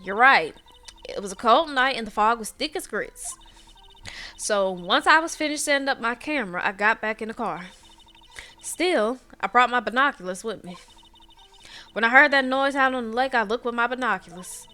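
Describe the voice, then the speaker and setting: Woman reading a confident young woman witness from a game, folksy and bright. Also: a little high, lively intonation, moderate pace, soft background music. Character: brash young female photographer witness.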